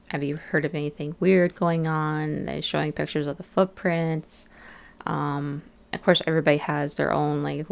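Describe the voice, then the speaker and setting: A woman with a low, gravelly voice recaps an episode in a relaxed podcast chat. She talks loosely, full of fillers, and slips into little acted-out quotes. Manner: chatty, many fillers, acts out quotes of locals. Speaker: podcast co-host.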